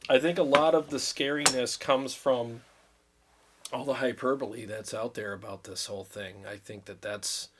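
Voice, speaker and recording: A man's voice: mid-range voice, steady tone, normal speed, background noise. Man, 50s, livestream host; earnest, rambling, a little emotional. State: recovering from illness, drained. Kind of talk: casual livestream chat.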